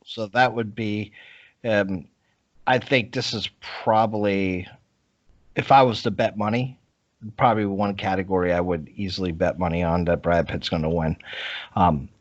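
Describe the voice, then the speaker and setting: A man's voice: low-pitched, fairly even intonation, normal speed, dry recording. A man co-hosting a casual film-review podcast, teasing his co-host and giving blunt opinions. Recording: dull, dry podcast recording.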